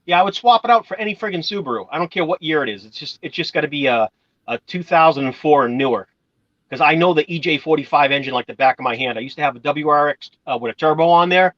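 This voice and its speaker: A man's voice: fairly high pitch, quick pace, fairly bright tone, no echo, lo-fi sound. A man from Massachusetts chatting casually, rambling through stories and swearing now and then. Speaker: channel host. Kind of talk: casual chat.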